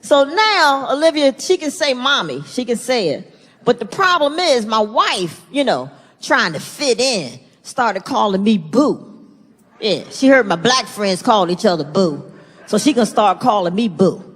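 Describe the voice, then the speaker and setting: A middle-aged woman performing a stand-up comedy set, animated and jumping into loud put-on voices for punchlines. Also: on the high side, a little slow, slight background noise. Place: large theater stage. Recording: live theater stage mic with long hall reverb and audience laughter. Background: audience laughter and ambience.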